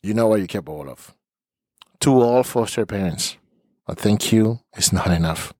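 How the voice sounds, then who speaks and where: Low-ish guy voice, dry close sound, earnest therapist podcast host, kinda emotional, repeats himself a lot. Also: expressive, moderate pace, darkish tone, no echo. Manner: earnest, emotional, repeats words while searching for them. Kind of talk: heartfelt podcast monologue.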